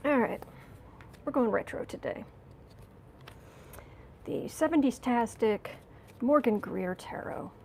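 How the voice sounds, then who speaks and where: A woman's voice: on the high side, animated, slow pace, gravelly, long pauses, darkish tone, a little hiss or hum. A woman giving a casual tarot reading, chatty and giggly, talking to viewers and to herself. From United States. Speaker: tarot reader.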